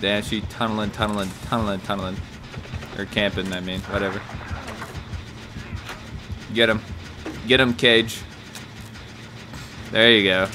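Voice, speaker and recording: A young man giving casual, jokey commentary over a video game, reacting loudly to big moments. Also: on the low side, a little slow, pauses often, noisy background. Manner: excitable, jokey, shouts and laughs at big plays. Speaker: gaming YouTuber.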